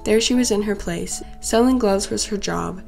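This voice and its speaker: A woman's voice: medium pitch, normal speed, gravelly, darkish tone, faint music behind. Young woman reading a story aloud. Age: young adult. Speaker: student reader. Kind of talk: scripted narration.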